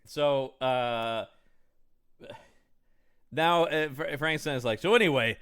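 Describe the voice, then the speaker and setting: A man's voice: mid-range voice, a bit bright, clean tone. A man co-hosting a comedy podcast, chatting casually and jokingly about an old film and acting out its characters. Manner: jokey, playful, acts out film characters in quick voices. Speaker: podcast co-host. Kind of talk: casual comedic movie chat.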